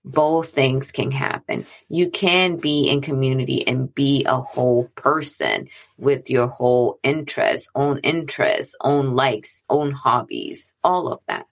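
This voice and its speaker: Woman, low gravelly register, earnest chatty monologue, repeats lines to drive the point home. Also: measured pace. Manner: earnest, conversational, repeats phrases for emphasis. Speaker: speaker on mental health and boundaries. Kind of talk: reflective monologue.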